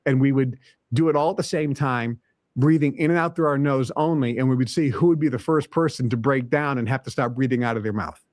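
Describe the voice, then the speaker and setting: A man's voice: medium pitch, brisk, a little mellow, dry recording. A man hosting a self-help podcast who gives motivational advice in an emphatic way, listing points and repeating them. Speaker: podcast host.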